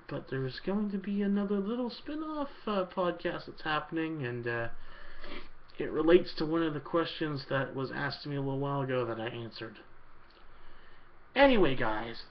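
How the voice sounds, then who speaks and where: A man's voice: medium pitch, a little hiss or hum. Rambling man on a lo-fi vlog. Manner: rambling, relaxed, many ums and uhs. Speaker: YouTuber answering viewer questions. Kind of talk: casual Q&A vlog.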